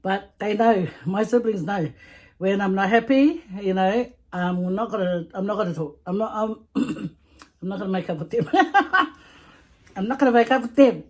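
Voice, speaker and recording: Eating as she talks, a Samoan English-accented vlogger shares stories in a casual storytime vlog, laughing often and repeating herself in her talkative way. Her medium-pitched voice is expressive and moves at a normal speed.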